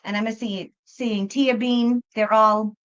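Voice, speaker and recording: A woman's voice: a little high, steady tone, slow pace, smooth. Chatty woman on a muffled mic. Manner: chatty and apologetic, with frequent fillers and self-repeats. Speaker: tarot reader hosting a live stream. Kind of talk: casual live-stream chat. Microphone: computer microphone. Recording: dull, muffled microphone sound.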